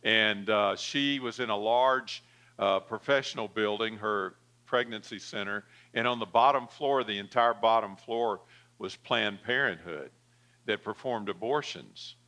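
A man's voice: on the low side, unhurried, bright, forceful tone. A male pastor delivering a sermon, telling a story with frequent fillers and calling for an amen.

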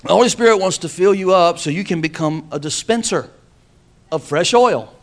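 A man's voice: high-pitched, animated, moderate pace. A man preaching a sermon, calling on the congregation to answer back. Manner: preaching with call-and-response. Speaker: pastor.

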